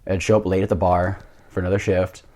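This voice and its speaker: Young man, deep voice, podcast guest; lively self-mocking storyteller who swears freely. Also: fast talker. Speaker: podcast guest, jiu-jitsu coach. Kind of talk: casual storytelling.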